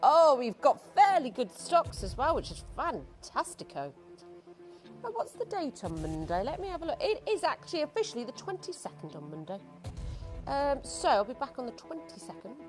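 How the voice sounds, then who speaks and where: Hay fever leaves this shopping channel host congested and throaty as she pitches jewelry live on TV, joking at her own expense in a chatty way. She speaks at a normal speed in a high voice whose pitch swoops wildly, over soft background music.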